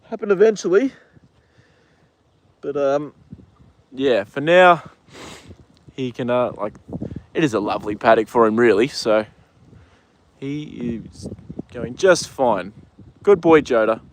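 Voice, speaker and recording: A man's voice: mid-range voice, animated, slow, long pauses, slight background noise. An Australian man hosting a casual live stream outdoors at a horse paddock, chatting easily to his horse and his viewers. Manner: easygoing, chats to his horse and reads viewer comments. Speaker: livestream host.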